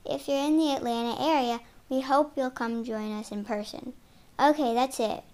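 A young girl reads a church podcast's opening announcement. Her voice is high and bright, and she delivers the scripted lines cheerfully. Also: steady tone, moderate pace. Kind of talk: read church podcast intro.

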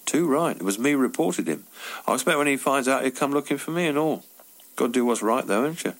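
A man's voice: medium pitch, lively intonation, brisk, close to an everyday voice. A man voicing a blunt working-class taxi driver, speaking tersely and matter-of-factly.

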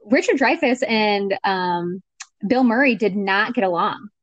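A woman's voice: medium pitch, lively intonation, measured pace, a bit bright, dry recording, muffled recording. A woman casually discussing a film as a podcast co-host, chatty and full of fillers.

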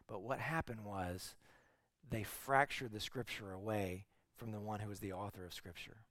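A man preaching a sermon as teaching pastor, telling stories conversationally and moving between quiet, soft passages and emphatic points. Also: on the low side, fairly even intonation, moderate pace, dry recording.

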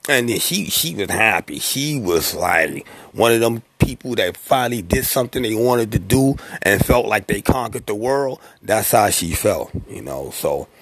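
Gravelly streetwise man spinning a tale. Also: fairly low pitch, lively intonation, moderate pace, hardly any pauses, fairly bright tone. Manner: slangy, profane, streetwise delivery; acts out quoted voices. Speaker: rapper telling an industry story. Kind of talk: casual anecdotal storytelling.

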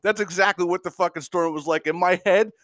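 A man's voice: high-pitched, brisk, fairly bright tone, no room sound, clean studio sound. A man hosting a podcast, telling a long story in a casual, profane, exasperated way and laughing as he goes. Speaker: podcast host.

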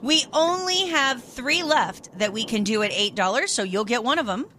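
A woman hosting a radio call-in show, brisk, cheerful and friendly as she takes callers' orders. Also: on the high side, lively intonation, pushed and bright, slight background noise. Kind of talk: upbeat on-air call-taking. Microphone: studio microphone.

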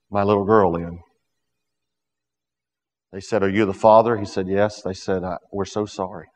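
A man with a low voice delivers a sermon, climbing to loud emphatic peaks and sinking to hushed storytelling. His voice rings with a long reverb, as if in a church sanctuary. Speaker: preacher.

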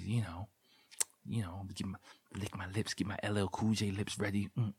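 A man's voice: lowish voice, little pitch movement, normal speed, darkish tone, a little hiss or hum. A man in his thirties casually telling a rambling, profane personal story, full of fillers and restarts. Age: 30s. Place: living in Japan.

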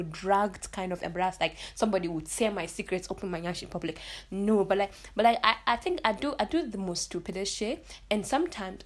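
A young woman hosts a casual solo podcast, chatty and blunt, restarting her sentences often. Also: mid-range voice. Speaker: podcast host.

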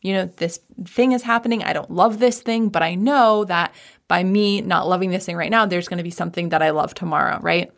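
A woman speaks in a relaxed, chatty way, with a gravelly, fry-tinged edge. She sounds like a coach sharing habits, upbeat and informal. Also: fairly low pitch, a little fast. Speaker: business coach. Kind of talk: casual mindset talk. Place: home office.

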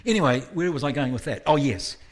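A man preaching a sermon in a church service with a husky, slightly breathy voice. He keeps a conversational tone, tosses in self-deprecating asides, and lifts his voice to stress a point. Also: a little high, animated, fast. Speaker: guest preacher.

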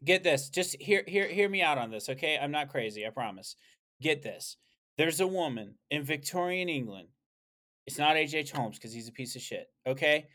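A man co-hosting a casual podcast, talking in an animated, rambling way and swearing freely. His voice sits a little high for a man. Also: normal speed. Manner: animated, profane, rambling storyteller. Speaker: podcast co-host. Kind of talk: casual chat.

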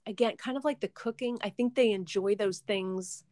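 Here a young mother being interviewed speaks at a moderate pace in a mellow, medium-pitched voice. The casual chat is rambling and full of fillers and restarts, captured in a dry, close-miked recording with no echo.

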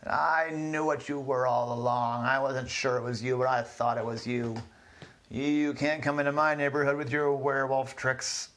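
A man's voice: medium pitch, fairly even intonation, normal speed, a bit bright, natural voice. A man voicing a bold, tough old witch woman, with a raised, spirited voice. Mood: confronting.

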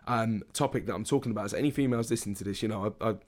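A man's voice: lowish voice, rapid-fire. A man, hosting a casual podcast as a fitness coach, talking frankly with many restarts. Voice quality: husky. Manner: frank, rambling, lots of restarts and fillers.

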